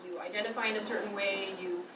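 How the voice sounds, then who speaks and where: A woman's voice: mid-range voice, fairly even intonation, fast talker. A woman workshop presenter guiding a group discussion, thoughtful with frequent fillers, in a conference room. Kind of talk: workshop facilitation. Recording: roomy, from far off with background noise.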